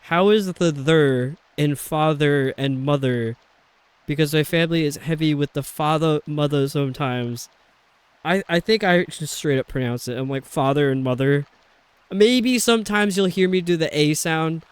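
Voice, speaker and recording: A man's voice: on the high side, moderate pace, clean tone, dry recording. A man streaming a video game, chatting casually and rambling with lots of fillers. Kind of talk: casual chat while playing a video game.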